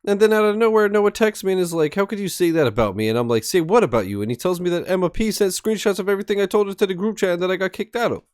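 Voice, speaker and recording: A man's voice: high voice, racing, hardly any pauses, darkish tone, dry recording, clean studio sound, pitched above the performer's own voice, natural voice. A man voicing a heartbroken teenage girl as he reads a dating game aloud. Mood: upset.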